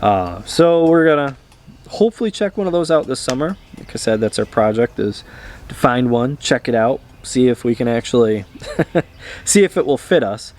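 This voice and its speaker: Man, travel vlogger, casual chat, rambling, hesitant fillers, mid-pitched voice. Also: expressive, normal speed, a little mellow.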